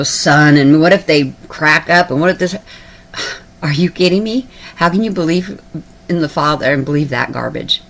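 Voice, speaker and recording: A woman delivers an urgent, tearful address to her viewers. Her voice sits a little low, and she preaches with emotional repetition. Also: gravelly. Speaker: online video preacher.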